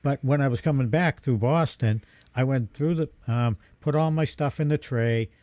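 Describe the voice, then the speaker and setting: A man's voice: medium pitch, normal speed, darkish tone, dry recording. A man co-hosting a podcast in casual chat, plain-spoken, with dry jokes. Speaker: podcast co-host.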